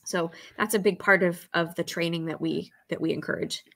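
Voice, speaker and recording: A woman's voice: lowish voice, fairly even intonation, moderate pace, fairly bright tone, no room sound. A woman talking earnestly in a casual podcast conversation, acting out quoted dialogue as she talks about suicide prevention training.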